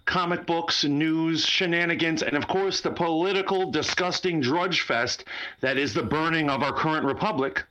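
A man's voice: fairly high pitch, moderate pace, bright, forceful tone. A man hosting a podcast, chatting casually, rambling and laughing often at his own jokes. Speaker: podcast host.

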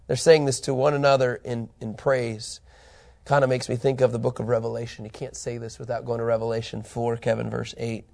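A man teaching a Bible study, animated and emphatic, reading scripture aloud with building intensity. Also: mid-range voice, fairly quick, gravelly.

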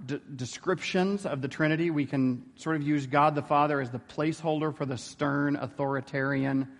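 A man with a fairly high voice teaches in a measured, explanatory way, filling pauses with "um" and checking in with his listeners. His words trail off into a long hall reverb. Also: fairly even intonation. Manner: thoughtful, frequent ums, checks in with "right?". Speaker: theology lecturer. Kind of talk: explanatory lecture.

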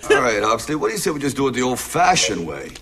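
A man putting on the voice of a blunt, gruff action-movie cop with tough-guy swagger and crude slang. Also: medium pitch, big pitch swings, quick pace, noisy background.

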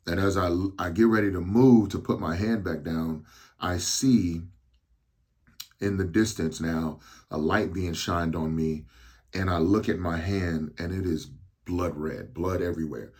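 Slow, husky low-voiced man telling a story. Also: a little mellow. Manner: slow, halting delivery with restarts. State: medicated, speaking slowly. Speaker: podcast host. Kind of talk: personal storytelling.

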